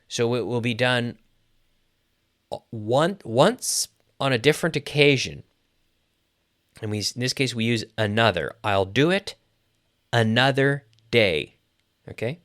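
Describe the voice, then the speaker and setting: A man teaching in a relaxed, chatty way, with a voice of ordinary pitch for a man. He sounds upbeat and welcoming, and he slows down to repeat phrases clearly for his learners. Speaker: English teacher and host. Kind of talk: casual spoken English lesson.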